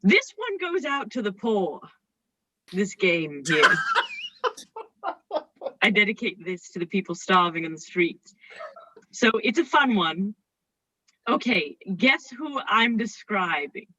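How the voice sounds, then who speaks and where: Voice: mid-range voice, very animated, slow, pauses often, sharp tone, no echo, full character voice, poor audio. A performer playing Fred, a vain and needy nephew hosting a party, giggly and rambling, in a drunken improv stage comedy.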